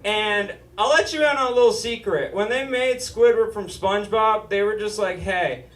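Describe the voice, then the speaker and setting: On a small stage in front of a live studio audience, a comedian from Utah speaks at a moderate pace in a high, slightly bright, nasal and whiny voice. He lands sardonic jokes peppered with swearing. Recorded from afar in a roomy space, the clip includes audience laughter.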